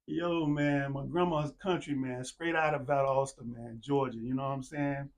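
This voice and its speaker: A man's voice: mid-range voice, fairly even intonation, moderate pace, few pauses. A man hosting his own show in a casual monologue, laid-back and conversational, saying "man" and "you know what I'm saying" over and over. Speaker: podcast host. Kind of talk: casual monologue with shout-outs.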